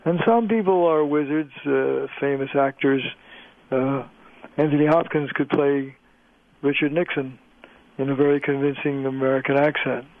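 An older man, a linguist, explaining things in a measured lecturing way during a phone-in radio interview. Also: mid-range voice, steady tone, no echo. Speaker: linguist guest. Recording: tinny phone line.

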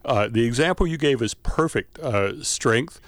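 A middle-aged man explaining features of speech as an expert guest in a radio interview, pausing often with "uh". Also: medium pitch, expressive, no room sound. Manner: explanatory, with frequent "uh" fillers.

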